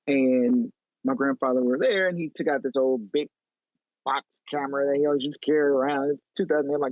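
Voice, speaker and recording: A man from Chicago telling stories as an interview guest, animated and chatty with lots of "like". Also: mid-range voice, fast, no room sound. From Chicago, USA. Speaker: guest photo editor. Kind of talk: casual interview storytelling. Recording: tinny phone-like line.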